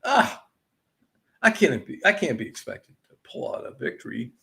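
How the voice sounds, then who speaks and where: A man's voice: medium pitch, huge pitch swings, normal speed, creaky, pushed and bright, exaggerated voice. A man putting on a whiny, self-pitying young college athlete to mock him. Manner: mocking, whining.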